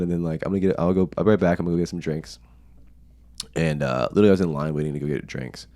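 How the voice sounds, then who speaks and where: Very deep gravelly man telling stories. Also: big pitch swings, fast talker. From United States. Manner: profane, laughing storyteller. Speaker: podcast guest. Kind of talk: casual storytelling.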